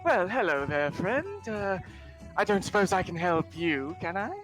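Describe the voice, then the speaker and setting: A sly dark elf thief with a silky, courteous way of talking, as a man puts him on. His voice sits high and bright, and each word comes out polite and a little too sweet. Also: big pitch swings, a little slow, soft background music, full character voice. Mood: sly greeting. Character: smooth sly male drow thief, polite.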